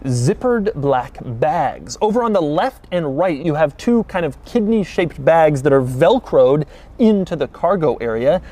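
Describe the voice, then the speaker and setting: A man's voice: a little high, lively intonation, a little slow, mellow. A man giving a casual, enthusiastic car walkaround review with wry asides.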